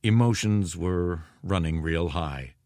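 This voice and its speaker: A man doing a gruff, low sergeant. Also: slow, darkish tone, dry recording, studio quality. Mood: bitter. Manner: gruff, blunt, profane. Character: hardened male army sergeant recalling anger.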